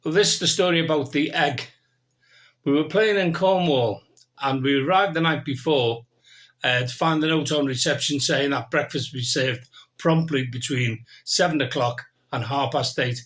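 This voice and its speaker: A man, a band member, telling a tour story in an unhurried way and acting out the conversation. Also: a little high, fairly bright tone. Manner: plain, unhurried, acts out the dialogue. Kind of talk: anecdote telling.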